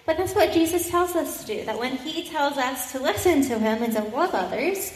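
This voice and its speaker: High-voiced woman leading a children's sermon. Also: animated, normal speed. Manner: upbeat, coaxing, speaking to young children. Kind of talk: children's message in church. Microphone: handheld microphone. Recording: echoey hall, faint room ambience.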